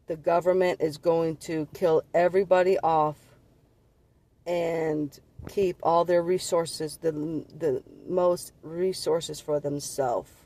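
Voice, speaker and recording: Man, earnest spiritual testimony, rambling delivery, voice a little high. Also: a little mellow. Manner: earnest, rambling, repeats and restarts words. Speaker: vlogger sharing visions.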